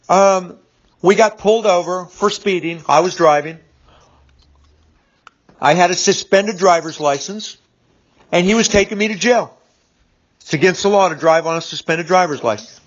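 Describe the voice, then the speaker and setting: Rambling fifty-something man, dull lo-fi sound. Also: high voice. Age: 50s. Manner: rambling, repeats words, frequent fillers. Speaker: business speaker. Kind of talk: casual storytelling monologue. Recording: dull lo-fi recording.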